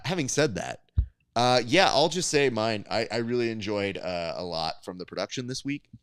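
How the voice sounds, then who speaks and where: Man, low smooth voice, dry close sound, animated storyteller, casual podcast chat. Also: no echo. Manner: animated storytelling, acts out quotes. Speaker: podcast co-host.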